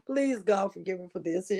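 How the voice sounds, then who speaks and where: A woman hosting a casual gossip livestream, animated and laughing often, with drawling asides to her viewers. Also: mid-range voice, husky. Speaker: livestream host.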